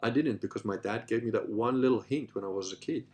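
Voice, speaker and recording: A man's voice: lowish voice, quick pace. A middle-aged man hosting a podcast, telling stories in a loose, rambling way with many restarts and asides. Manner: rambling, frequent restarts and "you know"; animated, acts out voices in his stories. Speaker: podcast host answering listener questions. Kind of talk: casual storytelling monologue.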